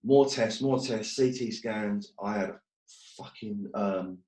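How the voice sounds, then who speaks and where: A man's voice: on the low side, takes it slowly, a little mellow, reverberant. A man telling his story as a guest, blunt and swearing often, joking about hard times. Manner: blunt, swears a lot, jokes about hardship. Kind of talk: casual storytelling.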